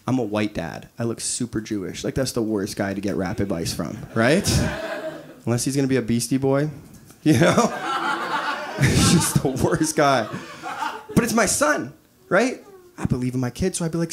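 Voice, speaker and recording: A man in his thirties doing a stand-up comedy set, animated, acting out quoted voices and laughing at his own jokes. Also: mid-range voice, moderate pace. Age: 30s. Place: live comedy venue with audience. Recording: live stage recording with audience noise.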